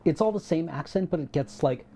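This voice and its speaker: A woman's voice: sits low, lively intonation, fairly quick, dark tone, faint music behind. A woman explaining her points thoughtfully in casual chat.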